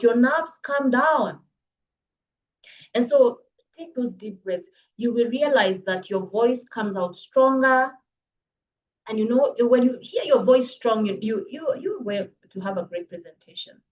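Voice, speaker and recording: A woman coaching public speaking in a live online workshop, brisk and encouraging, reading viewers' comments aloud. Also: a little high, animated, dull audio, slight background noise. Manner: brisk, encouraging, reads chat comments aloud, laughs often. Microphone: video call.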